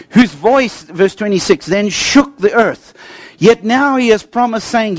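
A preacher with a fairly high voice tells stories animatedly, mixing jokes with earnest teaching. His tone leaps up with excitement and drops low for emphasis. The recording is dry and close, with no room echo. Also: moderate pace. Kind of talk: sermon.

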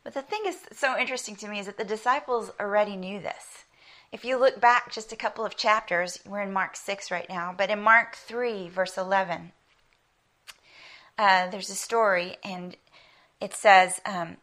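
A woman preaching a conversational sermon. She tells stories with animation, laughs lightly as she talks, and drops to a soft whisper for emphasis. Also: medium pitch, normal speed. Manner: laughs lightly while speaking. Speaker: women's Bible teacher.

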